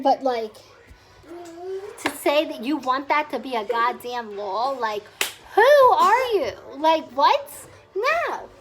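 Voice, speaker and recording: A woman's voice: sits high, rough recording. A woman in her twenties telling a story in a casual vlog rant, rambling and swearing freely, with her small children around her at home. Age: 20s. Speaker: vlogger.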